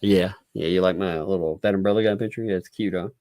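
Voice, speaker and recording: A man's voice: low voice, fairly even intonation, quick pace, dark tone, dry recording. A man hosting a casual livestream, chatting loosely and laughing often between phrases. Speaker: livestream host. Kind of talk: casual live commentary. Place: home.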